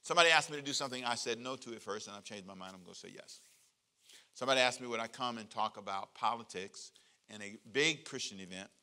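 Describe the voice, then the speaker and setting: A male pastor giving a conversational sermon, joking and animated, leading the congregation in call-and-response. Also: mid-range voice, fast talker, clear, resonant tone.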